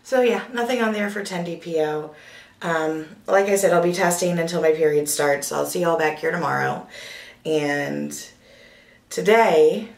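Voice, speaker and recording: Woman, 30s, groggy, husky allergy voice, low and gravelly, rambling casual vlog, echoey room. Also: moderate pace, recorded from a distance. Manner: relaxed, rambling, many fillers. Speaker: vlogger.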